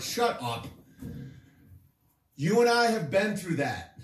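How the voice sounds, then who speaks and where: A man's voice: sits high, very animated, takes it slowly, pauses often, reverberant, recorded from a distance. A man hosting a comedy show, riffing in a sarcastic, crude, rambling way. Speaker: comedian host.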